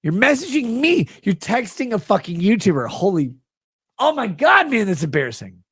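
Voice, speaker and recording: A man's voice: high voice, huge pitch swings, moderate pace, fairly bright tone, husky, no room sound. A man ranting on his livestream, sarcastic, profane and mocking. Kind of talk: livestream rant.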